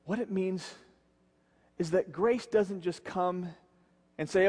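A man preaching a sermon as pastor, earnest, slowing and dropping his voice low to stress key words. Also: animated, darkish tone, slightly rough, big-room sound. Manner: earnest, slows and drops low for emphasis.

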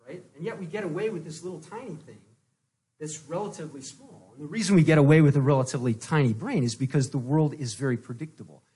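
A man's voice: a little high, a little mellow, slightly rough. A man in the audience asking a question in an enthusiastic, rambling way with many restarts. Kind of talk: casual question from the floor.

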